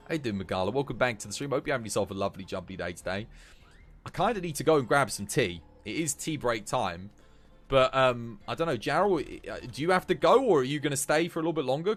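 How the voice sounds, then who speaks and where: A young man chatting and laughing while live streaming a video game. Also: medium pitch. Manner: animated, chatty, laughs often. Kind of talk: live gameplay streaming chat.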